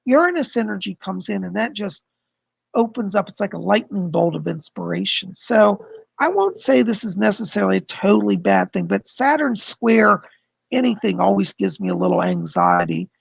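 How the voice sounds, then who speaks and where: Male psychic host, hoarse, very gravelly and husky, chatty livestream explainer. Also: sits high, sing-song, moderate pace, no room sound. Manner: chatty, explains with frequent "okay?" and "you know". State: hoarse, losing his voice. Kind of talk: casual livestream astrology forecast.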